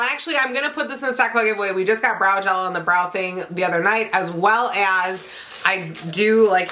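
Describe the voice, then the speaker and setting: A young woman chatting excitedly as she unboxes beauty products for her channel, gushing and exclaiming with lots of fillers. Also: medium pitch, slight background noise. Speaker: beauty vlogger.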